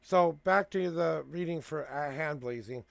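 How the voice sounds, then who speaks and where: A man's voice: a little high, unhurried, creaky. A man hosting a live tarot reading from home, counting out cards and then giving earnest spiritual encouragement and blessings. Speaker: tarot reader hosting a livestream. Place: at home with a cat.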